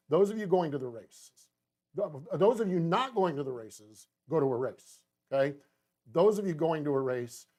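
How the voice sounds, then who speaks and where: A middle-aged male host with a slightly high-pitched voice. He tells his story casually and enthusiastically, rambling off on tangents, restarting sentences, and livening up when he quotes people. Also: darkish tone. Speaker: host of a racing talk show.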